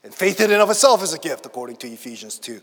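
Emphatic pastor preaching in a reverberant hall. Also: male voice, fairly high pitch, big pitch swings, very fast. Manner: emphatic preaching, swinging between loud declarations and quiet storytelling. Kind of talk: sermon.

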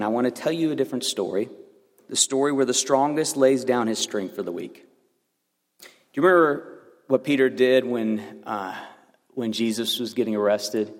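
A man in his thirties preaching a sermon as pastor, earnest and building to fervent emphasis. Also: medium pitch. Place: church sanctuary. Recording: long reverb of a church hall.

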